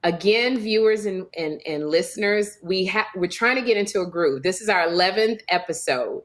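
Take-charge woman podcast co-host. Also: mid-range voice. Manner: lively, takes charge, talks fast over others. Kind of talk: casual comedic chat.

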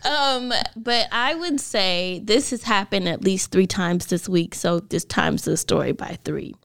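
A woman's voice: medium pitch, measured pace, gravelly, fairly bright tone. A woman co-hosting a casual podcast, chatty and laughing often as she tells a story. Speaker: podcast co-host. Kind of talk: casual chat.

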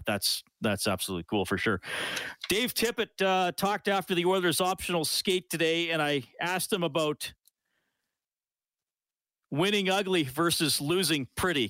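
A man's voice: medium pitch, fairly bright tone, no room sound. Chatty male sports radio host, dry studio. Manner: reads listener messages aloud, chatty, laughs often. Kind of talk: casual call-in sports radio chat. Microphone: studio microphone.

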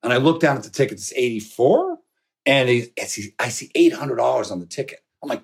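A middle-aged man telling a long anecdote with lively energy, swearing and laughing as he goes. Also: mid-range voice, fairly quick, gravelly, husky. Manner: animated, swearing, laughing storyteller. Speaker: podcast guest. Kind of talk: storytelling anecdote.

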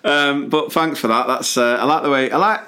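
A man's voice: mid-range voice, a little fast, pushed and bright. A man co-hosting a casual podcast, chatting animatedly, venting and laughing often. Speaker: podcast co-host, primary teacher.

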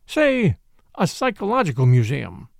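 A man's voice: fairly high pitch, wildly swooping pitch, unhurried, gravelly, no echo, studio quality, exaggerated voice. A man voicing a confident former thief turned detective in a storybook reading, speaking in a decisive, matter-of-fact way.

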